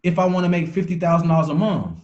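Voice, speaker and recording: A man's voice: on the high side, expressive, fast talker, darkish tone, dull audio. A man giving a motivational talk on a call, preachy, repeating phrases for emphasis and restarting words as he goes. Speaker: motivational speaker.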